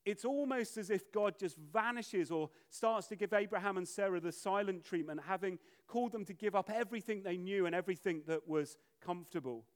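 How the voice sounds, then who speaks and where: A man preaching a sermon, animated and acting out the voices of biblical figures. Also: high-pitched, fairly quick, few pauses.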